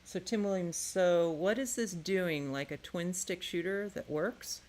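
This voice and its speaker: A woman's voice: fairly low pitch, measured pace, darkish tone. A woman making and playtesting her own game, musing aloud to herself in a curious, tinkering way. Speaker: game maker. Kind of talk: casual think-aloud while building and playtesting a game.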